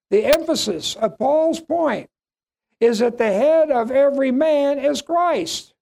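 Gravelly, emphatic Bible study teacher. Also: medium pitch, darkish tone. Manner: emphatic, repeats and slowly stresses key phrases; asks the group questions. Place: classroom with a board.

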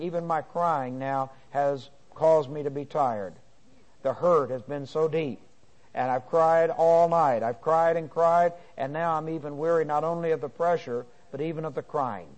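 A man teaching from a psalm. He reads each verse slowly and then explains it in plain talk, with many pauses and fillers. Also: on the high side, a little mellow, dull audio. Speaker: Bible teacher. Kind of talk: sermon.

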